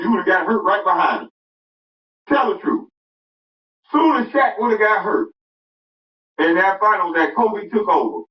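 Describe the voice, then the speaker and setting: Man in a heated, mocking rant. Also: sits high. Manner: angry, mocking, repetitive insults. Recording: roomy, distant, dull sound.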